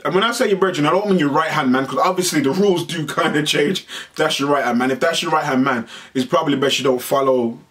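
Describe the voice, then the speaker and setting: A man hosting a vlog, telling a story in an animated, slangy way and swearing freely. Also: fairly high pitch, quick pace, few pauses. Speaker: vlog host. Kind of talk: casual storytelling monologue. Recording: voice a bit far from the mic.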